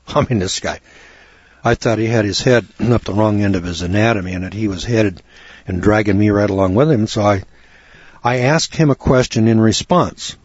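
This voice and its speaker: A man telling a folksy, animated story in a lecture, acting out both sides of a conversation. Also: lowish voice, normal speed, breathy edge, no room sound, dull audio. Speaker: speaker on law and scripture.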